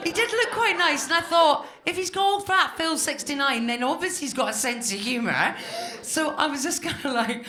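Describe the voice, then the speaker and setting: A woman's voice: sits high, animated, normal speed, few pauses, pushed and bright. A woman in her fifties from Scotland doing a stand-up comedy set on a club stage, chatty and self-mocking, talking straight to the crowd. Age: 50s. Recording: live club room with echo and audience laughter. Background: audience laughter.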